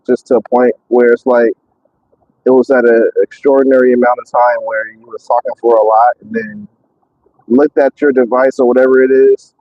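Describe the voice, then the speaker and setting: A man driving a truck, chatting casually on a live stream, excitable and rambling with many fillers, out of breath. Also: medium pitch, no echo, muffled recording. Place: in and around a truck.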